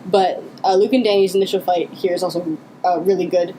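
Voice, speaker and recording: A woman's voice: fairly low pitch, steady tone, a little fast, dark tone, a little hiss or hum, rough recording. A woman co-hosting a casual commentary podcast, talking eagerly with many fillers and restarts. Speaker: co-host.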